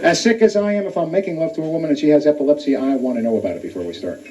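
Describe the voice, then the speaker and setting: A man doing a stand-up comedy routine in a comedy club, working the crowd between quick punchlines. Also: a little high, noisy background. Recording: distant lo-fi club recording. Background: audience laughter.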